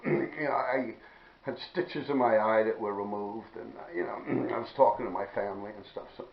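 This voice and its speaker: A man telling a rambling personal story in profane street slang, often clearing his throat. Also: medium pitch. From New York City. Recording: dull, echoey room recording.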